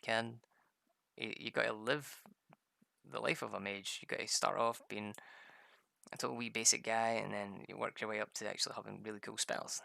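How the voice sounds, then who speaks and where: Gravelly-voiced man rambling over gameplay. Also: fairly low pitch, steady tone, normal speed, pushed and bright, no echo, clean studio sound. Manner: rambling, profane storytelling. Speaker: gamer. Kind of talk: casual gameplay commentary.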